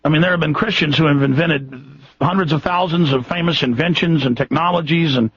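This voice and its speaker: A man's voice: on the high side, a little fast, slightly rough, no room sound, muffled recording. A Texan man hosting a radio show, talking in an impassioned, rambling way with frequent restarts. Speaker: radio host. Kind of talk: radio monologue.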